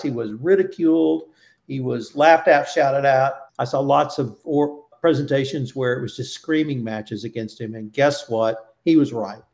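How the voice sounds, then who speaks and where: Creaky-voiced man hosting a podcast. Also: medium pitch, a little mellow. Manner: emphatic, building lists. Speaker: podcast host. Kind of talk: casual roundtable podcast chat.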